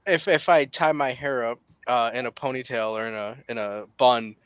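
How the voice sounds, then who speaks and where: A man's voice: mid-range voice, moderate pace, smooth, dry recording. A man bantering as a podcast guest, swearing freely and breaking into laughter between phrases. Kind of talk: casual crude banter. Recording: dull lo-fi sound.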